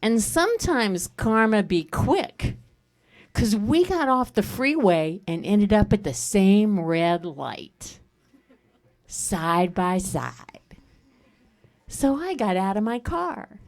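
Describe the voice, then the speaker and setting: A middle-aged woman doing a stand-up comedy set on a stage, telling animated stories and breaking into laughter. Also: mid-range voice, slow. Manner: animated storytelling with bursts of laughter. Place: comedy stage at a live fundraiser.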